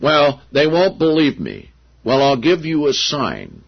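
A man preaching a sermon, telling stories with animated voices for the people he quotes. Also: a little high, a little slow, vocal fry, husky. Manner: animated storytelling, acting out quotes. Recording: dull lo-fi sound.

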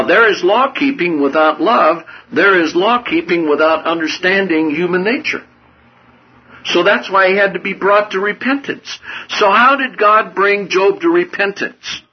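Man preaching a sermon, husky voice, dramatic rises and drops, dull lo-fi radio sound. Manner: swings from hushed lows to loud high outbursts.

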